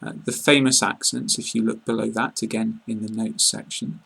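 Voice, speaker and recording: Giving an online pronunciation lesson, an English teacher speaks with a southern English RP accent in a voice on the low side, strongly gravelly and somewhat husky. His delivery is calm, plain and flat, with frequent ums and uhs in the pauses.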